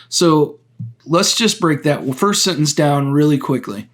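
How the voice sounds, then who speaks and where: Solo political commentary from a man hosting his own podcast, spoken in a mid-range voice. He is earnest and deliberate, often halting to restart a phrase and explain things one step at a time.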